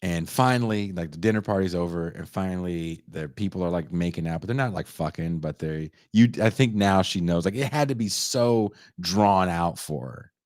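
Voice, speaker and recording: Low-voiced guy in his 40s on a podcast, swearing and hamming it up while retelling a movie, dry close sound. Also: normal speed, few pauses, no echo. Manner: animated, profane storytelling that acts out quoted lines. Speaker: podcast host. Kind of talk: casual chat, retelling a movie.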